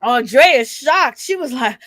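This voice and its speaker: A woman hosting a casual gossip recap of a reality show, animated and sassy, acting out quotes and laughing often, chatting to a live audience from home. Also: high-pitched, unhurried, dry recording.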